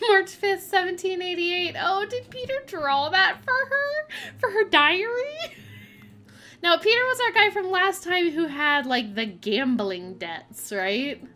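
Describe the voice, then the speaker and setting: A woman's voice: very high voice, expressive, slow, sharp tone. A young woman streamer chatting casually while playing a mystery game, reading its text aloud and laughing often. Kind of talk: casual gameplay commentary. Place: home streaming setup.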